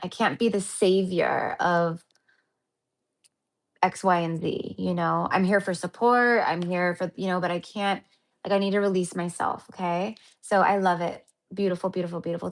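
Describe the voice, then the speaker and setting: A woman's voice: lowish voice, fairly even intonation, moderate pace. A woman hosting a spiritual healing livestream, chatting casually and affectionately with viewers, calling them honey and my love, rambling with many fillers and restarts.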